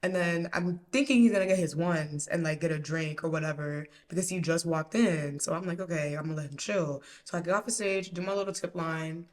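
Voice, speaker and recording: Young woman host with a lowish voice, slangy and profane, casual storytelling. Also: a little fast, hardly any pauses. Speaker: podcast host.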